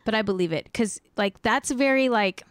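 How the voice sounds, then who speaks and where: Smooth-voiced young woman hosting a podcast. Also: on the high side, moderate pace, no room sound, clean studio sound. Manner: frank, swears freely, heavy use of "like". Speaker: podcast host. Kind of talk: casual chat. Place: at home at her desk.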